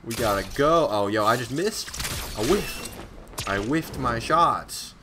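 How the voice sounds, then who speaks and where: At a slow pace and medium pitch, a young man from Scotland streams his gameplay with excitable, slang-heavy commentary, chatting with his viewers and bursting out suddenly. Background noise can be heard.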